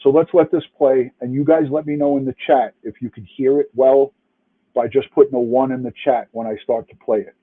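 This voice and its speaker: In a steady, brisk, mid-range voice with a breathy edge, a retired NYC police detective talks to a live chat. His livestream commentary is angry and emphatic, full of cursing and restarts, and the audio is tinny and phone-like.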